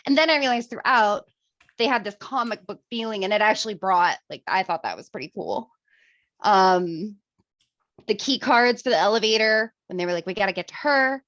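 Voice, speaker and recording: Animated woman with a lively voice. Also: medium pitch, normal speed, dry recording, highs cut off. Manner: animated, laughing, swearing casually. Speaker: co-host reviewing a movie. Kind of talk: casual chat.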